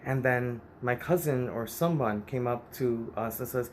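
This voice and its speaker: A man's voice: mid-range voice, unhurried, darkish tone, slight background noise. A man candidly recounting a painful family story in an emotional, personal vlog. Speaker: vlogger.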